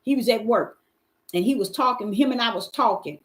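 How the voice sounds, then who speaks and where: A woman's voice: fairly high pitch, brisk, fairly bright tone. A middle-aged woman hosting a Bible question session, preaching in a folksy, emphatic way and calling out to her listeners. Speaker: host answering Bible questions. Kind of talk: informal preaching to a live audience.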